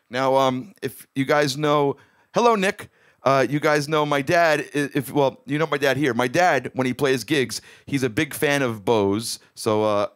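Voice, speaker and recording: A man's voice: mid-range voice, a bit bright. A man hosting his own music live stream from a home room, chatting casually and rambling as he greets viewers by name.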